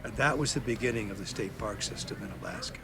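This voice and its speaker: A man's voice: on the low side, fast, creaky, very noisy. A man speaking earnestly in a documentary interview. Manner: earnest, heartfelt.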